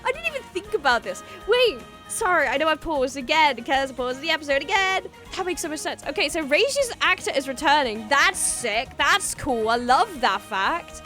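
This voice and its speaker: Woman, reaction host, high bright voice, very animated, shouts when excited. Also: normal speed, hardly any pauses, soft background music. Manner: bursts into excited shouts and squeals.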